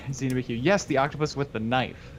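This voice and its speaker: A man's voice: mid-range voice, normal speed, slight background noise. A man co-hosting a live painting stream, talking casually about his model and cursing lightly. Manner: relaxed, drawls, swears lightly. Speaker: co-host of a miniature painting stream. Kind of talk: casual chat while painting.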